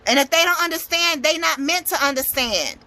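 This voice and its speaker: With a brisk, bright, forceful voice that sits high, the young adult woman hammers out a motivational tarot reading full of swearing and blunt emphasis. She is a motivational speaker who also reads tarot.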